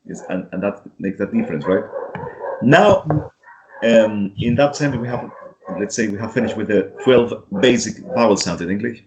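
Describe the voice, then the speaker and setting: A man's voice: fairly low pitch, background noise. A man from Chile, an English teacher patiently modelling vowel sounds and checking in with his student. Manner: patient, repeats sounds slowly, keeps checking with "right?". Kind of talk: pronunciation lesson.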